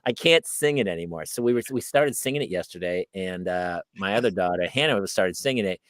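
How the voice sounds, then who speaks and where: A man's voice: sits low, a little fast, no room sound, clean studio sound. A middle-aged American man, a podcast co-host, chatting casually and acting out the voices of people in his stories. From United States. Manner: animated storyteller acting out quoted voices. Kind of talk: casual chat.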